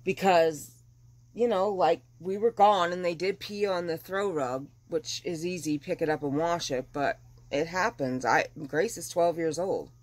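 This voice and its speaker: A woman's voice: on the low side, a little slow. Chatty woman vlogging from home. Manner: chatty and animated, dramatic retelling. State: recovering from flu. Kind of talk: casual chat. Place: at home, windows open.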